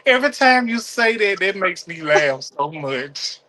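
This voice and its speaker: A man in casual group chat, jokey and quick to laugh, apologizing for interrupting while cleaning. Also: high-pitched, big pitch swings, bright, forceful tone.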